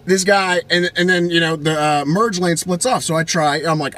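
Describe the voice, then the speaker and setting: A young man from Virginia ranting casually in an animated, rambling way, with many restarts. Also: high-pitched, normal speed. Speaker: vlogger. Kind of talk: casual rant.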